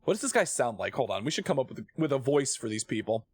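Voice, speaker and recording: A man streaming a video game, chatting and joking excitably, easily startled. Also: mid-range voice, fast talker, breathy edge, no room sound. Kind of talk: live game commentary.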